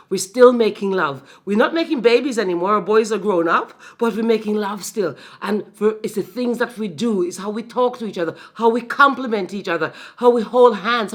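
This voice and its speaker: A middle-aged woman hosting a frank, playful talk about her long marriage and giving relationship advice to viewers. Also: a little high. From Jamaica. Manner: animated, frank and playful, addressing viewers as guys. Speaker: host.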